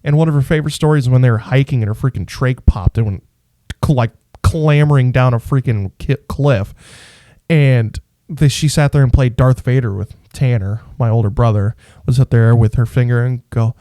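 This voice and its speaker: A man co-hosting a podcast, telling stories in an animated way and swearing freely. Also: medium pitch, moderate pace, no room sound, clean studio sound. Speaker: podcast co-host. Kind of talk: casual podcast chat.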